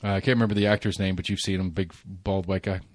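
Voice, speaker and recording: A man's voice: deep voice, little pitch movement, fast, dry recording. A man in his forties hosting a casual podcast chat, rambling through stories with restarts and laughs. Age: 40s. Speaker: podcast host.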